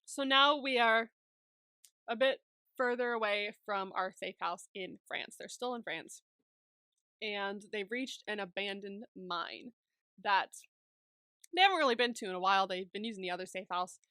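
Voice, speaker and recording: A woman's voice: mid-range voice, moderate pace, bright, forceful tone, clear, resonant tone, dry recording. A woman co-hosting a podcast, recapping a movie in casual chat, laughing often and swearing freely.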